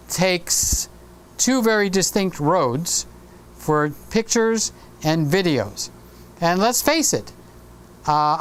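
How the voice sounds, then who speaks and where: A man's voice: high voice, clean tone. A man in his sixties hosting a casual live stream, rambling chattily and reading viewer comments aloud. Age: 60s.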